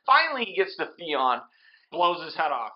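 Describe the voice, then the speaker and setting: A man's voice: fairly high pitch, very animated, normal speed, muffled recording. Rambling drunk man retelling a movie. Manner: rambling, slurring storyteller with restarts. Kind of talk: drunk comedic movie recap.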